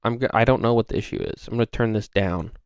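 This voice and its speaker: Podcast co-host, male, sarcastic, quick to argue, dry close-mic sound. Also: lowish voice, clear, resonant tone, dry recording. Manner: sarcastic, argumentative, swears freely. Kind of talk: casual chat.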